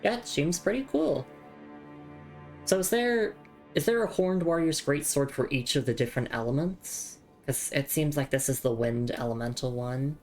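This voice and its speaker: Very low-voiced Australian woman streaming. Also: normal speed, a little mellow, soft background music. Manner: chatty and stammering, often repeats words. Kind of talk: casual live game commentary.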